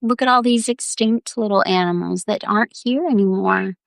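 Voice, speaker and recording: A woman's voice: mid-range voice, gravelly, no echo. A woman leading a guided healing visualization on a live video, talking in a soothing way and often calling the listener honey. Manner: slow, soothing, repeatedly says "honey".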